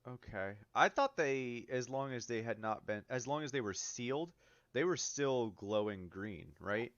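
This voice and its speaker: A man narrating as game master of a tabletop game, relaxed and full of ums and uhs. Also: mid-range voice, unhurried, dry recording. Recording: dull lo-fi mic, dry.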